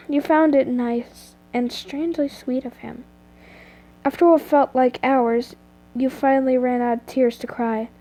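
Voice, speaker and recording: Sex: woman. Style: reading a story aloud. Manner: stumbling, self-correcting, slow. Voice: high and mellow. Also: steady tone. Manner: stumbles and corrects herself often. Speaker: reader of fan fiction.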